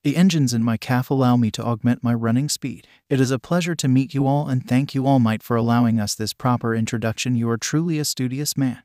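A man's voice: medium pitch, fairly quick, few pauses, warm tone, no room sound, studio quality, lightly acted. A man voicing a stiff, formal teenage boy who speaks in a clipped manner. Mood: stern.

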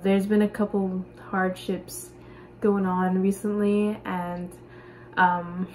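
A teenage girl reacting to a new song, gushing and excitable and breaking into squeals. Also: mid-range voice, slow pace, rough recording. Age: late teens. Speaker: vlogger. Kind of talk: music reaction commentary. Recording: song playing clearly behind the voice. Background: pop music.

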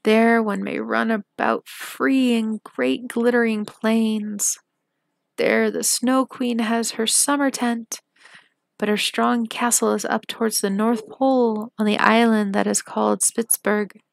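Wistful storybook reindeer, slow and dreamy, as a woman reads it. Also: a little high, steady tone, gravelly, dry recording, clean studio sound. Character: proud wistful reindeer from the far north.

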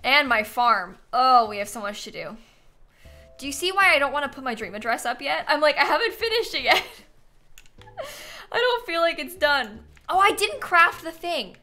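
A woman's voice: high-pitched, very animated, moderate pace, sharp tone. A young woman livestreaming a game, chatting casually and thinking aloud, sleepy and yawning as she thanks viewers. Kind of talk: casual gaming stream chat.

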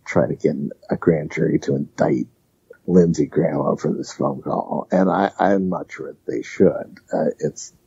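A man co-hosting a political talk podcast, speaking in a measured way and hedging his points with fillers. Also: a bass voice, fairly even intonation, gravelly, mellow, slight background noise. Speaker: co-host, political correspondent. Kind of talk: political talk show discussion. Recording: dry, dull lo-fi sound.

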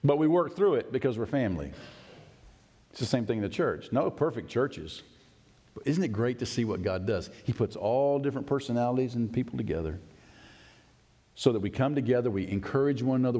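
Animated male pastor in a reverberant sanctuary. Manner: animated, swings from high excited bursts to low quiet emphasis; folksy, laughs often, acts out his own past words. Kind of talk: sermon. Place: church sanctuary. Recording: long reverb of a church sanctuary.

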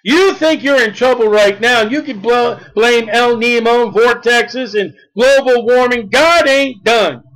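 A man preaching a fiery sermon, emphatic and repetitive, rising to shouts at his peaks. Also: very high-pitched, unhurried, hardly any pauses, rough recording.

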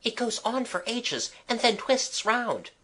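A man's voice: extremely high pitch, sing-song, unhurried, pushed and bright, pitched above the performer's own voice, heavily acted. A man voicing a scared young girl who whispers and pants, in a storybook reading. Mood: hushed. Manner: whispering, panting. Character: frightened young girl, hushed and breathless.

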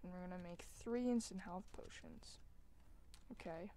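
A woman hosting a gaming video, chatting casually as she plays. She mocks herself and breaks into loud, excited exclamations. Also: fairly low pitch, normal speed, a little hiss or hum. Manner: excitable, self-mocking, bursts into loud exclamations. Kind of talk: casual gameplay commentary. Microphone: desk microphone while gaming.

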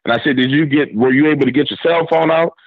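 Through dull lo-fi radio audio, a fast-talking New Orleans man with a fairly high, slightly rough voice tells a story as a guest, in a dry recording. He drawls in casual slang with a local accent and voices both sides of the quoted dialogue.

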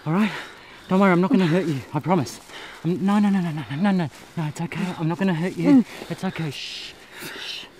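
An actor playing a bossy, volatile male maniac who swings from barking to hushed soothing, recorded outdoors with noticeable background noise. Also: high-pitched, fast talker, close to an everyday voice. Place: outdoors in a park.

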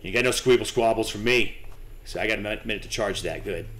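A man's voice: fairly low pitch, fast, fairly bright tone. A young man commentating his own horror game playthrough, nervous, swearing and talking to himself and to the game. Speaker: gaming channel host.

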